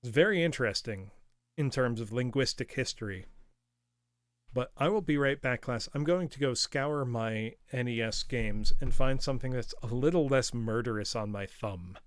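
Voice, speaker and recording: A man's voice: mid-range voice, moderate pace, dry recording, studio quality. An American man hosting a live game stream, telling a story casually and laughing often. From United States. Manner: chatty storyteller, laughs often, reads chat aloud. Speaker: streamer host. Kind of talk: casual live-stream chat while gaming.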